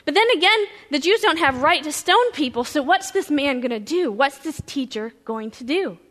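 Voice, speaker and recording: A woman pastor preaching a sermon, telling a story vividly in the first person and moving between loud and hushed passages. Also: sits high, lively intonation, normal speed, big-room sound.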